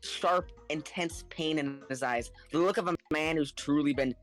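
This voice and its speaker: A man telling a story in casual podcast chat, animated and acting out the people in it, laughing now and then. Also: fairly high pitch, moderate pace, faint music behind. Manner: animated, acts out the other people in his story; laughs between lines.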